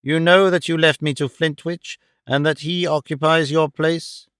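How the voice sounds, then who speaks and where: A male audiobook reader voicing a stern, cold older mother who speaks in a severe, measured and reproachful way. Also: on the high side, fairly even intonation, fairly bright tone, clean tone, dry recording, clean studio sound, natural voice. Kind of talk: audiobook character voice.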